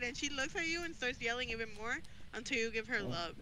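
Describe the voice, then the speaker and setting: A woman's voice: sits high, fairly quick, a crowd in the background, rough recording. A woman streaming a ghost-hunting game, chatting casually, giggling often and greeting viewers. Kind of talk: casual gameplay chat.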